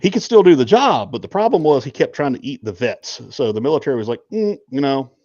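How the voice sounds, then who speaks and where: A man's voice: medium pitch, big pitch swings, fast talker, a little mellow, no echo, lo-fi sound. A man co-hosting a podcast, telling a long story in a casual, joking way with lots of ums. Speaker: podcast co-host.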